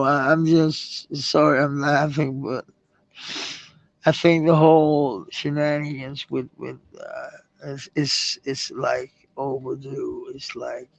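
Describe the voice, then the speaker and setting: A man rambling in a halting live-stream monologue, repeating words, trailing off and swearing. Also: medium pitch, gravelly, no echo, muffled recording. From Denmark.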